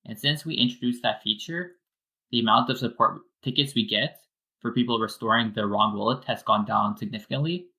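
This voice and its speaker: Bright-voiced man explaining software. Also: mid-range voice, a little fast, low-quality recording. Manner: explains step by step with frequent fillers. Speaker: wallet developer guest. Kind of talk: casual technical explanation.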